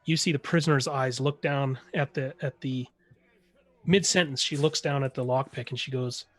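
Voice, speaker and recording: A man running a tabletop game as game master, narrating in a relaxed, drawn-out way. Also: medium pitch.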